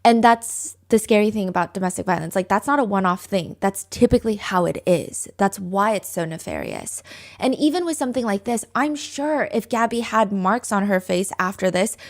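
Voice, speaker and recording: A woman's voice: mid-range voice, very animated, moderate pace. A woman hosting a true-crime podcast, telling the story casually with lots of "like" and earnest opinionated asides. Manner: chatty, with frequent fillers like "like". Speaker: podcast host.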